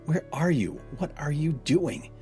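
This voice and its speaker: A man's voice: on the high side, big pitch swings, unhurried, warm tone, faint music behind, voice pushed up. A man voicing a worried, scolding female camp counselor in a read-aloud story. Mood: exasperated.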